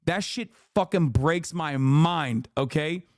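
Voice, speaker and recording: A man's voice: on the high side, slow pace, no room sound, clean studio sound. A man in his thirties streaming a reaction, ranting heatedly with lots of swearing and exasperated repetition. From grew up in a Muslim country. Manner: profane, exasperated, emphatic repetition. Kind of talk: heated casual rant.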